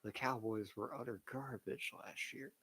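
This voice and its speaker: A man's voice: mid-range voice, steady tone, a little slow, pushed and bright, breathy edge. A man hosting a livestream, giving blunt, opinionated casual chat about wrestling and sports and swearing freely. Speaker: livestream host.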